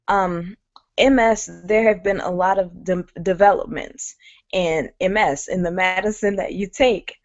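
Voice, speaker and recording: Speaking as a webinar guest, a woman opens up about something personal in a conversational way, filling her speech with lots of fillers. Her pitch sits in the middle range, and the muffled, lo-fi recording is dry.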